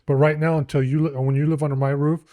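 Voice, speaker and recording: A man's voice: fairly high pitch, level tone, fast talker, dark tone. A man co-hosting a podcast in casual chat, giving firm, opinionated views on parenting. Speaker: podcast co-host.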